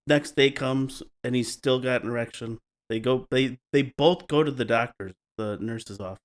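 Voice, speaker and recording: A man's voice: medium pitch, moderate pace, hardly any pauses. A man hosting a podcast, retelling stories in a casual, wry way and slipping into playful mock voices. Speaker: podcast host.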